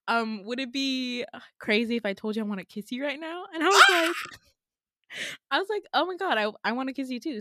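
A young woman co-hosting a podcast, telling a story in casual chat, animated and laughing often as she acts out quotes. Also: fairly high pitch, no echo, clean studio sound. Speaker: podcast co-host.

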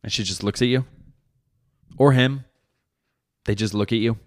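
A young man hosting a podcast, telling a comedic monologue in a profane, animated way with sudden loud bits. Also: mid-range voice, normal speed. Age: young adult. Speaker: podcast host.

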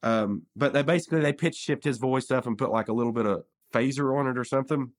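A man hosting a casual podcast, recapping a cartoon episode in an animated way and acting out characters' lines in quick bursts. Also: mid-range voice. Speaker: podcast host.

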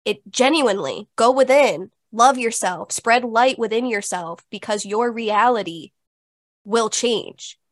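A woman's voice: on the high side, a little slow, no echo, clean studio sound. A woman co-hosting a podcast, talking in an emphatic, insistent way about spiritual growth, with lots of "like"s. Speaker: podcast co-host. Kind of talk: casual spiritual chat.

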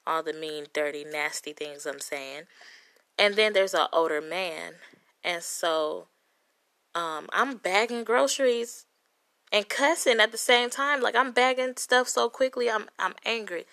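Bright-voiced woman ranting a story. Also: medium pitch. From Compton, California. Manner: profane, heated, dramatic retelling with quoted voices. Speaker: vlogger telling a story. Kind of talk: animated storytelling rant.

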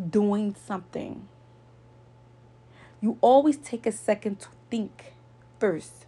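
Woman, casual vlog storyteller, gravelly texture, earnest lecturing delivery with lots of repetition. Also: mid-range voice, mellow. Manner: earnest, lecturing, repeats points for emphasis. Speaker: vlogger.

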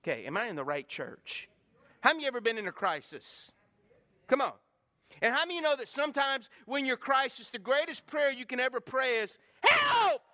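A man's voice: very high voice, lively intonation, fairly quick, bright, forceful tone. A man preaching a sermon as pastor, calling out questions to the congregation. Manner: preaching with call-and-response to congregation. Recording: long hall reverb from a church.

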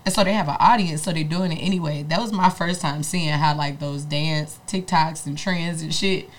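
Low-voiced laid-back woman storyteller. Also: normal speed. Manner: rambling, laid-back, profane. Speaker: podcast guest. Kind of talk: casual chat.

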